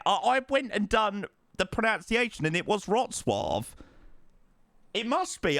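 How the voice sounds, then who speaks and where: A man live-streaming a flight sim, chatting excitedly and thanking subscribers, calling everyone mate. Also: high voice, a little slow, dry recording. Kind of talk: live stream chat while flying.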